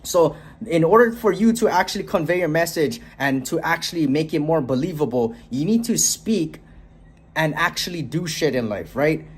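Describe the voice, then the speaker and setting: Blunt, profane young man with a husky voice. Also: on the high side, fairly quick. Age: young adult. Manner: blunt, profane, repeats "right?" often. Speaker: motivational vlogger. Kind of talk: casual motivational rant to camera. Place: bedroom, then walking outdoors on a street.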